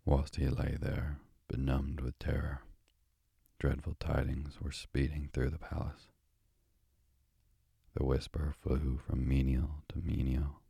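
Sleep-story narrator, male, soft and drowsy, deep monotone, dry close sound. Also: creaky, husky, dry recording. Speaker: bedtime story reader.

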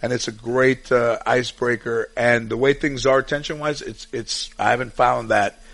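A man's voice: mid-range voice, fairly even intonation, normal speed, fairly bright tone. A man chatting as a guest, telling rambling golf anecdotes with many restarts and fillers. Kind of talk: casual storytelling chat.

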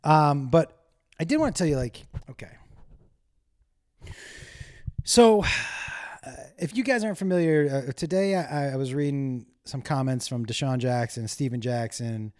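A man of ordinary pitch talks to his listeners in a loose, unscripted monologue. He rambles from one crude anecdote to the next and pokes fun at himself. His casual delivery keeps wandering off topic. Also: moderate pace, darkish tone. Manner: rambling, digressive, self-deprecating, crude humor. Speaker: solo podcast host.

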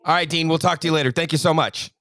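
A man's voice: on the high side, steady tone, racing, a bit bright, no echo. A man co-hosting a sports podcast, wrapping up an interview with friendly, joking banter. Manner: friendly wrap-up patter, joking. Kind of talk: casual podcast chat.

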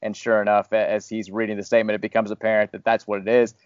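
Quick-paced and a little mellow, this former radio host who got fired now hosts a casual podcast, speaking in a fairly low voice with little pitch movement. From around Louisville, Kentucky, he's candid, a bit rambling, and self-deprecating, on a dry, lo-fi recording.

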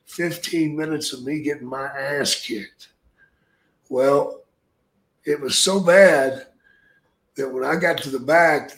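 Older man, gruff, profane storyteller, slightly high voice, roomy echo. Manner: gruff, swears constantly, acts out quotes loudly. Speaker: podcast guest, storyteller. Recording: echoey room.

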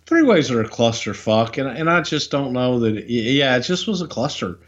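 A man's voice: mid-range voice, very animated. An older man chats casually on a podcast, his stories wandering and stopping for fillers and restarts. His voice sits in a middle range. The recording sounds a little dull and lo-fi. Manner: rambling, halting with fillers and restarts. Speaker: podcast co-host, former wrestling executive. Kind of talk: casual storytelling chat.

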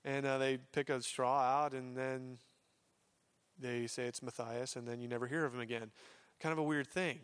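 A man's voice: mid-range voice, fairly even intonation, normal speed, smooth. A man preaching a sermon as pastor, telling a Bible story in a casual, chatty way with voiced asides and many fillers.

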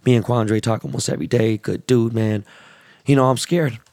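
A man hosting his podcast with a hoarse, worn-out voice from yelling, talking casually, bluntly and with lots of swearing. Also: lowish voice, lively intonation, moderate pace, no room sound, studio quality. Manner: blunt, swears a lot, rambling. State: hoarse, lost voice. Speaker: podcast host. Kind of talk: casual profane podcast monologue.

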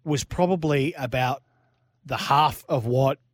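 A man hosting a casual motorsport talk, asking quick questions and laughing often. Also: mid-range voice, no room sound, studio quality. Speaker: host. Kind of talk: casual chat.

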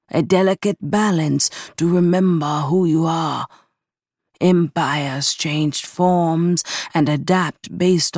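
A woman reading the part of a wise old male storyteller who speaks in a hushed, reverent tone. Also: sits low, dry recording, studio quality.

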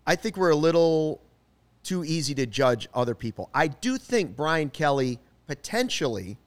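A male podcast co-host with a fairly high voice talks sports in a casual, emphatic way. He states strong opinions and presses his points hard. He is heard close on a studio microphone. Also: sing-song, moderate pace.

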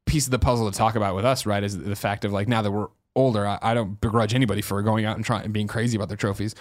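A man with a lowish voice talks at a rapid-fire clip as he co-hosts a gaming podcast. The chat is casual and rambling, and he swears freely, sounding animated throughout.

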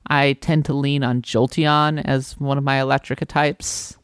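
A man co-hosting a casual podcast chat, talking in a relaxed way with frequent fillers and restarts. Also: mid-range voice, a little slow, smooth, no room sound, studio quality. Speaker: podcast co-host.

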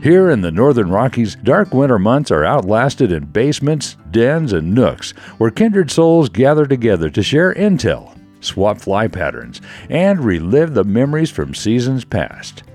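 A man reading the scripted introduction to a podcast in a measured, evocative delivery. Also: medium pitch, big pitch swings, darkish tone, soft background music. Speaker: show intro narrator. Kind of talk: scripted narration.

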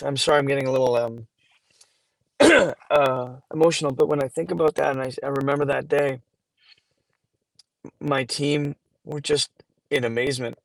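A man in his forties speaks with a gravelly, creaky edge, his pitch held flat and even. He tells his stories in an earnest, halting way, restarting his sentences as he goes. The sound is close and dry. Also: dry recording, rough recording. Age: 40s. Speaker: guest, charity founder. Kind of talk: podcast interview.

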